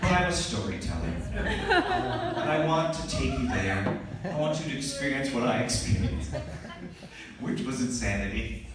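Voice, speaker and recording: A man doing stand-up comedy, telling a story with lively asides and laughing as he goes. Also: mid-range voice, measured pace, pauses often, over a noisy crowd. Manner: animated storytelling with laughing asides and put-on voices. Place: comedy club. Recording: echoey club recording from a distance. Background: audience laughter.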